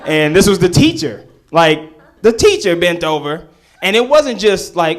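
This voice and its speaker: A young man doing live stand-up, telling a story, acting out voices and rising to near shouts. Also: fairly high pitch, expressive, measured pace. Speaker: stand-up comedian.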